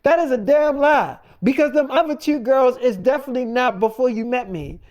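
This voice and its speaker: A man's voice: extremely high pitch, expressive, normal speed, a little mellow, voice pushed up. Jealous young girlfriend, scolding and profane, as a man puts her on.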